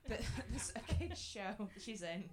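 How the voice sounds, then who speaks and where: A woman's voice: mid-range voice, very animated, measured pace, background noise. A woman chatting and telling anecdotes as a regular player on a live comedy panel show. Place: live stage venue.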